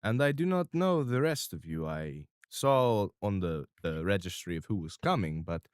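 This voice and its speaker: A man voicing a tubby, calm small-town boss who dislikes change, speaking in a slow, formal, measured way. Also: deep voice, clear, resonant tone, no echo, clean studio sound.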